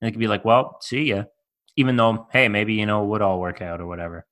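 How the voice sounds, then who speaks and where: A young man co-hosting a podcast, chatting casually in a relaxed, hedging way. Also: fairly low pitch, racing. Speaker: podcast co-host. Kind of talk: casual chat.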